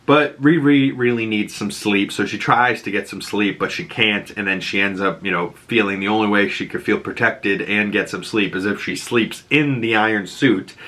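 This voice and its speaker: A man recapping a show in a casual vlog, rambling fast with lots of filler words. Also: fairly low pitch, sharp tone. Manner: rambling, fast, full of "like" and "you know".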